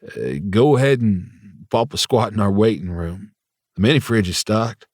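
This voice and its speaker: A man reads out a bashful young country mechanic who stumbles through his words in a low, easy drawl. The storybook voice sits close and dry, with no room around it. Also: animated, a little mellow, dry recording. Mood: shy. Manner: nervous, halting, country-boy drawl.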